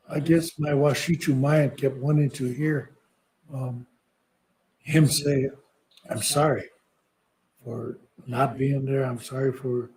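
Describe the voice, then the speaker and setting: An older man telling a personal story in a slow, halting, soft-spoken way. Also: medium pitch, a little hiss or hum, rough recording. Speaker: podcast guest speaker.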